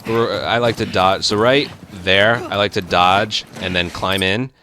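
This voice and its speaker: A man hosting a speedrun tutorial, explaining step by step in relaxed casual game commentary. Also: sits low, unhurried, a little hiss or hum.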